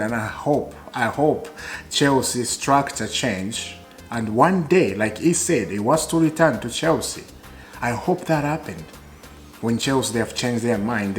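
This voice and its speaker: A man talking to camera as a football fan vlogger, emotional and repetitive, swinging between loud bursts and quiet musing. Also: lowish voice. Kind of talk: casual fan commentary to camera.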